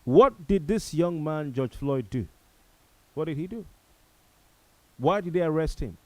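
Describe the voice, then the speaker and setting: A man hosting a talk show, speaking gravely to viewers and repeating phrases for emphasis. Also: a little high, animated, unhurried, dark tone, no echo, poor audio. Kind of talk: solemn talk show monologue.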